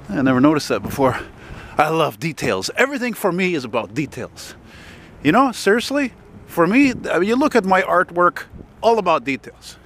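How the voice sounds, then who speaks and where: A man's voice: mid-range voice, fairly bright tone. A middle-aged man casually rambling and swearing as he films a walk down a city street. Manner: chatty, swears freely, spots buses and trucks. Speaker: vlogger filming a street walk. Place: outdoors on a city street in winter. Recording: outdoor street noise. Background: traffic and street noise.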